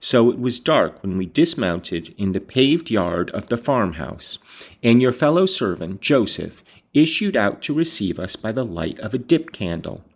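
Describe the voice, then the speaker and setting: Low-voiced man reading aloud with asides. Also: big pitch swings, unhurried, breathy edge. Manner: breaks off to explain and react, swears. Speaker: audiobook reader. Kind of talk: reading aloud with casual commentary.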